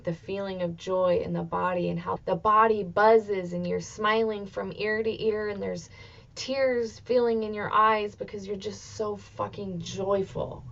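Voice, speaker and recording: A woman in her thirties hosts a motivational solo podcast, talking expressively and dropping swear words freely. Her voice has a gravelly fry, sits at a middling pitch, and comes through slightly dull and lo-fi. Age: 30s. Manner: expressive, swears freely, swings into excited outbursts. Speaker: podcast host.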